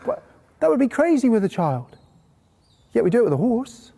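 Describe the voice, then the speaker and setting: A man teaching a horse-training course to a live group indoors, telling lively stories and bursting into playful praise voices. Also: extremely high pitch, moderate pace, vocal fry, husky. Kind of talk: live workshop talk to a group. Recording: long hall reverb.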